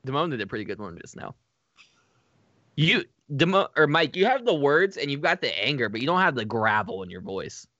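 A man's voice: medium pitch, very animated, fairly quick, bright, forceful tone, no echo, highs cut off. A man co-hosting a casual chat, blunt, profane and teasing. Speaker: podcast co-host.

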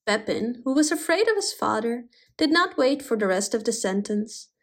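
A woman reading a fairy tale aloud in an expressive, animated way. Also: fairly high pitch, moderate pace. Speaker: storyteller. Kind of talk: storybook reading.

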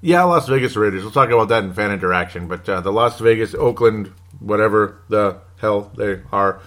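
A man's voice: lowish voice, normal speed, fairly bright tone. A man hosting a casual sports podcast on his own, rambling and joking and cutting himself off with little laughs. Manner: rambling, jokey, self-interrupting with laughs. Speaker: podcast host.

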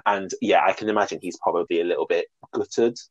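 A man's voice: deep voice, fast talker, breathy edge, dry recording, lo-fi sound. A man co-hosting a casual podcast chat, gossiping about a reality show and acting out quotes. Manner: chatty, gossipy, acts out quotes. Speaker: podcast co-host.

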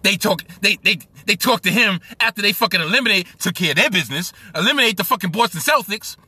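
Brooklyn podcast host, New York accent, profane sports rant, high husky voice, sharp edge. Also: male voice, expressive, fast, dry recording. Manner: profane, heated ranting.

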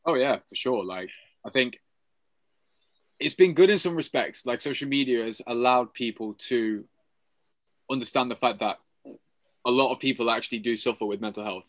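A man co-hosting a casual podcast, explaining his views in a steady, measured way. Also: medium pitch. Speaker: podcast co-host.

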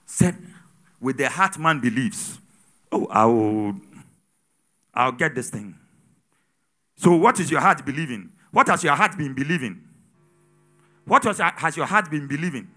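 Lively high-voiced male preacher. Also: a little slow, pauses often. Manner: call-and-response preaching, swings from loud exhortation to low asides. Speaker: pastor. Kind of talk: sermon.

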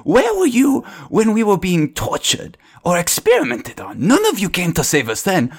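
A man's voice: high-pitched, huge pitch swings, normal speed, pitched above the performer's own voice, exaggerated voice. A man voicing a hostile, sarcastic boy who protects his little sister, speaking in a sneering, threatening way.

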